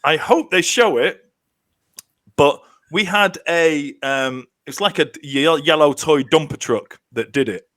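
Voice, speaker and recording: Male guest, animated raconteur, slightly high voice, dry close sound. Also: measured pace, no room sound. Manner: lively storyteller, acts out quoted lines. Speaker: contestant telling a story. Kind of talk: casual podcast chat.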